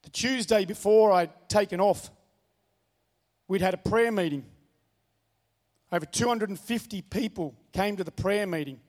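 A man's voice: high voice, moderate pace, long pauses, darkish tone, in a large hall. A man preaching a sermon, telling a personal story in an earnest way and repeating his key phrases. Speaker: pastor.

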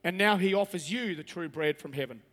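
A man's voice: sits high, brisk, fairly bright tone, in a large hall. A man preaching a sermon as pastor, reading scripture aloud and then pressing his points with rising emphasis.

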